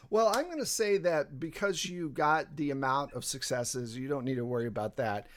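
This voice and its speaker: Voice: medium pitch, normal speed, slight background noise. A game master running a tabletop game, rambling with fillers and laughing often.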